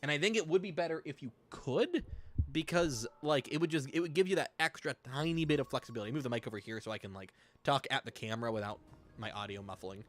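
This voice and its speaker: A man's voice: medium pitch, fast talker, a bit bright. A young man chatting casually while streaming a game, rambling and swearing freely. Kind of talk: casual gameplay commentary.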